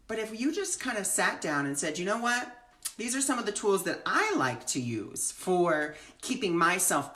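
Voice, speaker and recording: A woman's voice: medium pitch, fairly bright tone, echoey room. A woman who gives readings, speaking earnestly in a live-streamed spiritual talk with flowing, repeated phrases. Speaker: spiritual teacher and reader.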